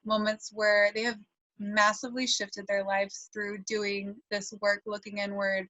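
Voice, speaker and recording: Bright-voiced woman hosting an interview. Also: medium pitch, little pitch movement, measured pace, dry recording, rough recording. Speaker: podcast host. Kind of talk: interview questions.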